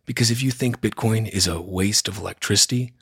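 A man's voice: lowish voice, brisk, creaky, fairly bright tone, breathy edge. A man hosting a news roundup podcast, reading from a script in a blunt, sarcastic, opinionated way. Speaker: podcast host.

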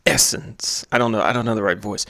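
A man tossing in deadpan, half-mumbled one-liners during a casual chat. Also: lowish voice, very fast.

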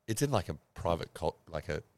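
A man's voice: deep voice, fairly quick, no room sound. An Australian man on a podcast, telling a story in casual chat with plenty of swearing and acted-out dialogue. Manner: animated, swears a lot, acts out both sides. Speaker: podcast host.

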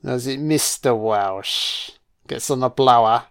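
A man's voice: medium pitch, slow, clear, resonant tone. Blunt, profane man. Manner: blunt and profane, with frequent swearing. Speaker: film commentator. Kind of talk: casual audio commentary.

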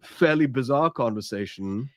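A man's voice: mid-range voice, lively intonation, moderate pace, no room sound. Conversational man asking questions. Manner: conversational, asks follow-up questions. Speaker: podcast host. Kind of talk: casual chat.

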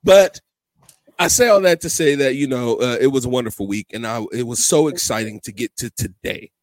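A man hosting a casual podcast, who tells rambling, animated stories and steers the conversation. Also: mid-range voice, brisk, no room sound. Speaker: podcast host.

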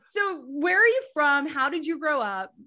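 A woman's voice: high-pitched, very animated, measured pace, bright, forceful tone. Bubbly podcast host woman. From Northeastern USA. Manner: bubbly, laughing, enthusiastic. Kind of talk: casual podcast chat.

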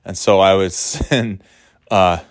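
Rambling, cussing dad, dry sound. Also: male voice, low voice, slow pace, dry recording. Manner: profane, rambling, jumps into loud mock quotes. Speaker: dad talking about video games. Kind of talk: casual rambling monologue.

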